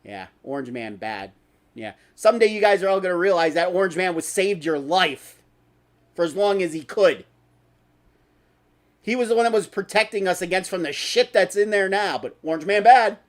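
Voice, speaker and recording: A man's voice: sits high, moderate pace. A man hosting a talk stream, ranting in an angry, sarcastic and profane way. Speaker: host.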